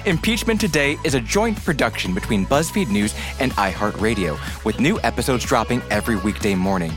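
A man's voice: medium pitch, expressive, brisk, music in the background. A man hosting a news podcast, playful and wry, with a comic recap. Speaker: podcast host.

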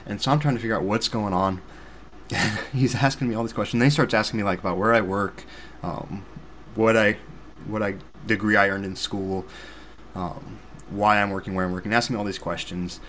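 A young man from Missouri hosting a podcast, telling a story in a casual, animated, self-deprecating way with sarcastic asides. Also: fairly low pitch, fast, a little hiss or hum. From Missouri, USA. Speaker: podcast host.

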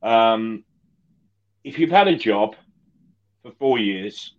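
A man talking as a fan guest on a video call, slow and measured with many "um" pauses. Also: lowish voice, lively intonation, dull audio. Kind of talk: casual chat.

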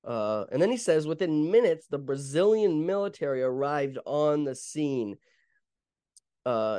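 A man's voice: on the high side, mellow, dry recording. A young man hosting a podcast, retelling an event in a casual, rambling way with many fillers and restarts. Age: young adult. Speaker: podcast host. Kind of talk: casual storytelling monologue.

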